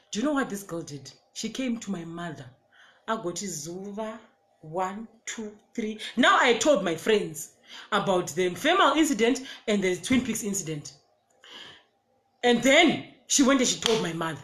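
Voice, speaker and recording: A young adult woman with a Zimbabwean accent shares a personal story in a casual storytime style, speaking at a medium pitch. She's animated, laughs a lot and repeats words.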